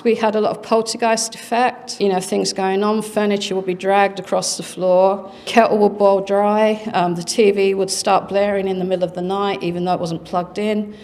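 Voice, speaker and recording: A woman's voice: medium pitch, darkish tone. Woman, middle-aged, conference talk, earnest dramatic storytelling. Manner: earnest, dramatic retelling with pauses. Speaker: conference speaker.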